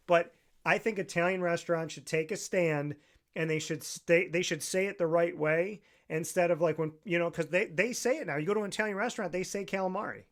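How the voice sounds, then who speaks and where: A young man hosting a casual talk show, telling anecdotes in an animated way and acting out the people in them. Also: fairly high pitch, brisk. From central New York. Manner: animated storyteller, acts out voices in anecdotes. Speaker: podcast host. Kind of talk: casual chat.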